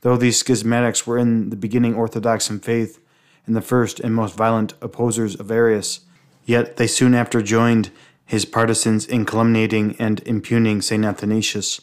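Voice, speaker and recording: A man reading aloud from a book on the life of a saint, steady and measured, with small slips and restarts. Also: fairly low pitch. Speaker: reader.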